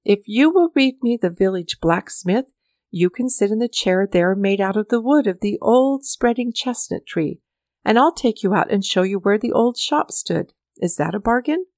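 In this dry, echo-free storybook recording, a woman narrator lightly acts out a genial elderly poet warmly hosting a young guest he's eager to please. His chatty lines come out expressive and a bit higher and livelier than her narration, with a darkish tone at a moderate pace.

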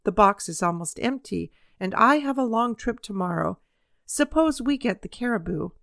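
A woman's voice: medium pitch, expressive, normal speed, vocal fry, no room sound, studio quality. A woman reading as a kindly country doctor. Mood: earnest. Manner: gentle, reasoning, lightly teasing. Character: kindly, patient adult male country doctor. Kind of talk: storybook reading.

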